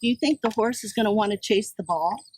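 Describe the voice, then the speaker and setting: A woman reading a picture book aloud to children outdoors at a farm, pausing to chat with the kids. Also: medium pitch, poor audio. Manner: slow, gentle, talks to the kids between pages. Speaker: children's storytime reader. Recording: camera set back, faint outdoor noise with insects.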